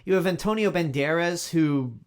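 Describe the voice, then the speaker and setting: A man's voice: fairly high pitch, normal speed, clear, resonant tone. Blunt, exasperated man reviewing a movie. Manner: blunt and exasperated, emphatic repetition. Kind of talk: opinionated film review monologue.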